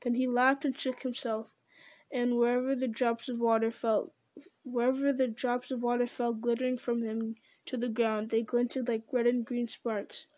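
Woman reading a fantasy story aloud, slightly high voice, dry sound. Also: level tone, moderate pace, darkish tone, no room sound. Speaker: narrator.

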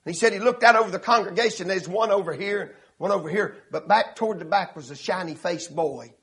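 Man preaching, very high voice, bright and forceful, storytelling sermon that builds to shouts. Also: brisk. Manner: rising into shouted preaching, laughing as he tells.

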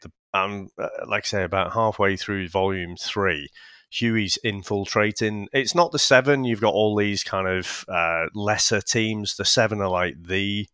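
A man's voice: fairly low pitch, bright, forceful tone, smooth, no echo, clean studio sound. A man with a northern English accent co-hosting a casual review podcast, rambling and swearing freely with lots of restarts. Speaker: podcast co-host.

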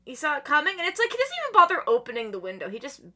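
A woman chatting on a podcast, excitedly retelling manga chapters and acting out the characters' lines between laughs. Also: sits high, very fast. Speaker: podcast guest. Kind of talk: casual chat recapping manga chapters.

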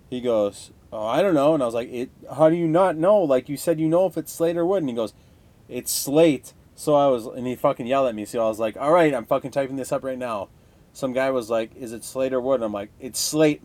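A man's voice: medium pitch, darkish tone. A young man hosting a casual solo podcast, ranting heatedly with constant swearing. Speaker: podcast host.

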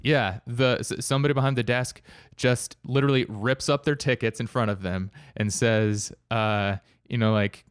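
A man's voice: mid-range voice, fairly even intonation, normal speed, hardly any pauses, clear, resonant tone, dry recording, studio quality. A man telling a travel story in casual chat, rambling with many fillers and restarts.

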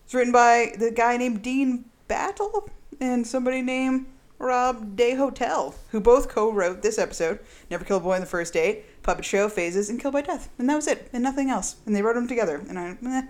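Woman podcast host, giggly, rambling, highish voice. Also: a little fast. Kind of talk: casual podcast chat. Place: echoey room.

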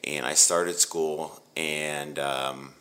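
A man, a pastor, telling a personal faith story in a rambling, animated way with many restarts. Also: a bass voice, drawn-out words, clear, resonant tone. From Ohio. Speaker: pastor and guest.

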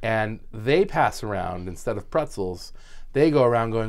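A man's voice: lowish voice, animated, normal speed. A young adult man co-hosting a casual podcast chat, rambling through stories and laughing often. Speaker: podcast co-host.

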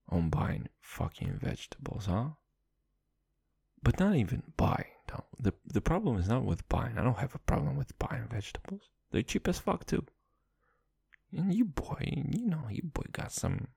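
A man's voice: mid-range voice, gravelly, warm tone, breathy edge, no room sound, clean studio sound. A young man hosting a podcast solo, telling loose, profane, jokey stories and calling himself "your boy". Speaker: podcast host. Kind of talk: rambling comedic monologue.

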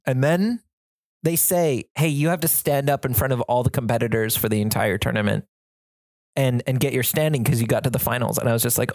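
A podcast host telling a story in a frantic, chaotic, animated way, with self-mocking humor. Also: medium pitch, fairly quick, no echo. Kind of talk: storytelling monologue.

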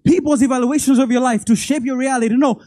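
Animated preacher mid-sermon, repeats words, calls out to the congregation. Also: high-pitched, fast talker, no echo. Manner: animated, stammers and repeats words, laughs between lines; speaks directly to the congregation, acting out God's voice.

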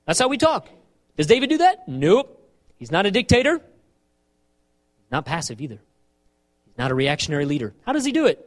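Pastor, male, high lively voice, emphatic sermon delivery with repeated phrases. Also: fairly quick, long pauses.

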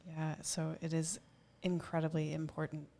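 A woman co-host with a low, mellow voice and a touch of gravel. She answers warmly with empathetic, affirming comments in relaxed chat. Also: normal speed. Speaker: podcast co-host. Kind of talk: casual chat.

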